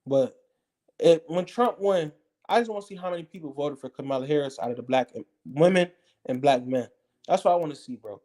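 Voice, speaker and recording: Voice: mid-range voice, expressive, a little fast, dark tone. A speaker delivering a blunt, profane, heated political rant straight to viewers, hammering the same points over and over. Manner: blunt, profane, combative, repetitive. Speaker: political commentator. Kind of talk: heated ranting monologue.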